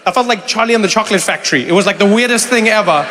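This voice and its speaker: A man from South Africa working a live crowd in a stand-up set, his voice sitting high and ringing bright. He talks in lively bursts, slipping into mimicked voices and laughing with the audience. A faint hum of the room sits behind the stage mic. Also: racing, in a large hall. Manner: animated, acts out voices, laughs along. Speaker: comedian. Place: comedy venue with a live audience.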